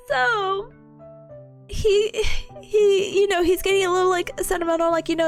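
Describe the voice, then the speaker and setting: Soft background music plays as a young woman streamer chats casually, relating a story in a very high-pitched voice at a slightly slow pace. She laughs frequently, acts out quotes, and tells the tale in an animated way.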